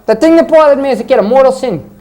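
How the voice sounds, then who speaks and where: A man from Massachusetts, a stand-up comedian telling stories with wry, deadpan asides. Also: extremely high pitch, racing. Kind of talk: stand-up routine and talk-show chat. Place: comedy club stage with live audience. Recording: 1980s cable TV audio, audience and hiss.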